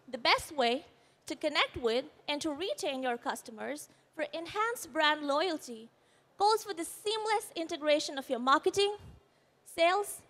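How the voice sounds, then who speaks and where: A conference speaker with an Indian English accent, this woman has a high-pitched, slightly bright voice. Still shaken after an accident, she quivers as she gives her presentation on stage, explaining earnestly with brief apologies.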